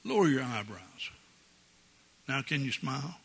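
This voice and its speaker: A man's voice: medium pitch, sing-song, unhurried, creaky, breathy edge. An older man preaching a sermon as pastor in a church, folksy and jovial, chuckling often. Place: church sanctuary.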